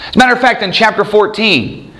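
Male preacher with a fairly high voice, lively sermon delivery. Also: quick pace. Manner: animated, acts out quoted voices.

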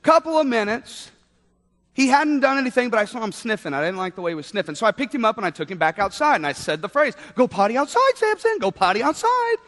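A man's voice: high voice, lively intonation, fast, a bit bright. A man in his thirties preaching a sermon, telling a story with playful asides. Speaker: pastor. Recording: long hall reverb.

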